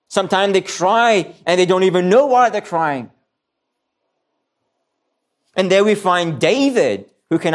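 A man preaching a sermon, earnest and repeating key phrases for emphasis, sometimes restarting his words. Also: high-pitched. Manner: restarts and stumbles on some words.

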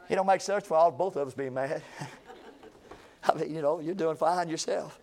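High-voiced preacher man. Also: steady tone, a little fast, darkish tone. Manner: folksy, conversational preaching with rising emphatic runs. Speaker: pastor. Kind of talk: sermon.

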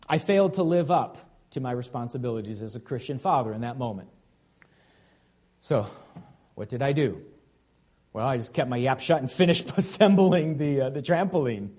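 A man's voice: mid-range voice, a little mellow. A man in his thirties, a pastor preaching a sermon in an earnest, conversational way, with frequent "okay?" check-ins.

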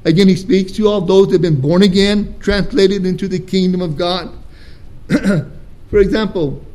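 A man with a notably high voice delivers a sermon in a church. He preaches emphatically, slowing down to stress words and asking rhetorical questions. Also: fairly even intonation, darkish tone. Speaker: pastor.

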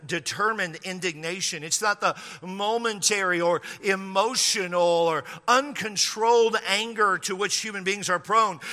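A man preaching a sermon, telling a story and acting out the dialogue, his voice swinging from hushed to loud. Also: high voice, long reverb tail. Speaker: pastor.

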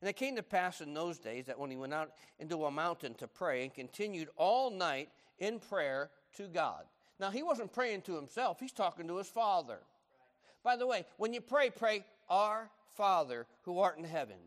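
Brief: middle-aged male pastor, fairly high voice, dynamic sermon delivery, big hall reverb. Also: moderate pace. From United States. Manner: dynamic, swinging from loud and animated to hushed and low.

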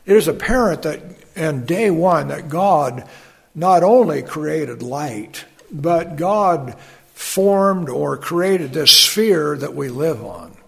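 A man preaching a sermon as a pastor, unhurried, with fillers and folksy asides as he reads scripture aloud. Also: on the high side, expressive, creaky, a bit bright, breathy edge.

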